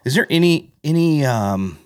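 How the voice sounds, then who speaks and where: A man co-hosting a podcast in casual chat, animated and often laughing as he tells stories. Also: a little high, normal speed, clear, resonant tone, no room sound, clean studio sound. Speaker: podcast co-host.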